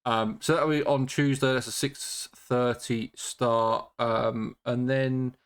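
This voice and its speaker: Deadpan man hosting a podcast. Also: medium pitch, takes it slowly, smooth. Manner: dry, deadpan humour with many ums. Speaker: podcast host. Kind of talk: casual cricket chat.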